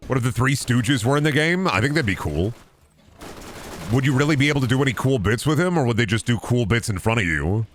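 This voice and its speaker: A man's voice: medium pitch, lively intonation, fast talker, slight background noise. A man in his thirties streaming games, chatting casually in a rambling, profane, jokey way and riffing on chat. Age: 30s. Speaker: game streamer.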